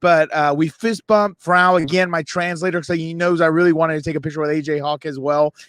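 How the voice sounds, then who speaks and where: A man co-hosting a sports podcast, telling an excited, self-mocking story and acting out the other people in it. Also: fairly high pitch, a little fast, smooth, dry recording, clean studio sound. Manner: animated, self-mocking, voices others in quotes. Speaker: podcast co-host. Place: radio row event booth.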